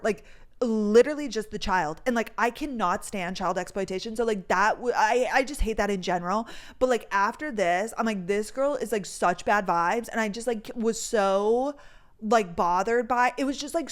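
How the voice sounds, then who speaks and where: A woman, hosting a podcast in heated, chatty storytelling full of "like". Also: medium pitch. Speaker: podcast host. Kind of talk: casual chat.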